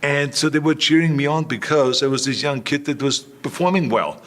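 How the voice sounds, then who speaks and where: A man's voice: on the high side, moderate pace, fairly bright tone. Older Austrian-accented male interviewee, anecdotal, acts out the voices of others he quotes. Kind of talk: storytelling interview answers.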